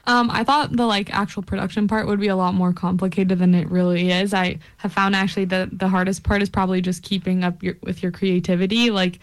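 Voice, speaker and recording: Young woman with a flat, even voice. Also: mid-range voice, brisk, hardly any pauses. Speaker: radio intern. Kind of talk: casual interview answer.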